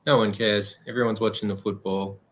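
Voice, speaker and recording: A man with a low voice and a crisp, bright edge, chatting casually. He speaks sardonically, often pausing on fillers. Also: steady tone. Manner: hesitant, with many fillers and sardonic remarks. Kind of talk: casual chat.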